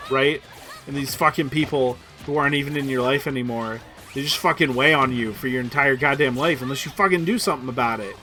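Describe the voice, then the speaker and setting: Young man, bright voice, streamer, rambling, profane, self-mocking, put-on voice, faint music behind. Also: medium pitch, a little fast. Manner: playing up a put-on voice. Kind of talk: casual gaming stream commentary.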